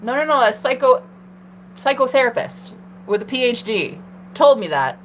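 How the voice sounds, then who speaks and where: A woman's voice: a little high, sing-song, moderate pace, a little hiss or hum. A young woman hosting a tarot livestream, talking in a sassy, swearing, casual monologue to herself and her chat. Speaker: tarot reader and livestream host.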